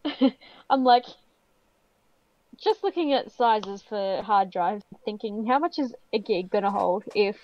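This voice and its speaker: A woman's voice: mid-range voice, animated, unhurried, dry recording. A woman co-hosting a stream, chatting casually and giggling often, on slightly dull lo-fi audio. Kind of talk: casual chat.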